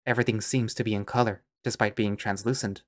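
A man's voice: lowish voice, fairly even intonation, fast talker. A man narrating an audio drama in first person, musing and understated.

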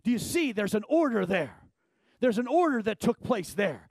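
A middle-aged male pastor delivers a sermon in a notably high voice. He preaches emphatically, sinking into low, quiet stretches before rising to loud shouting. The recording is dry, with no room echo. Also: big pitch swings, moderate pace, vocal fry.

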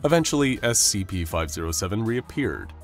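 Deep-voiced male story narrator. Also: fairly quick. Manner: expressive, dramatic. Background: faint music.

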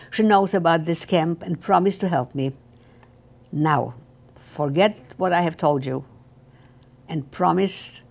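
An older woman reading the lines of a young male German guard who speaks to her in a low, hushed and urgent voice.

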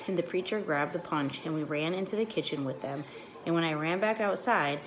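A woman teacher reading a children's chapter book aloud to her class, clear and expressive. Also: sits low, slight background noise.

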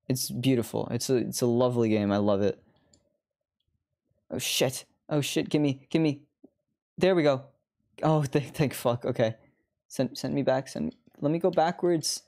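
A woman's voice: rumbling low, mellow. A woman streamer chatting through live gameplay commentary, laughing often and swearing freely.

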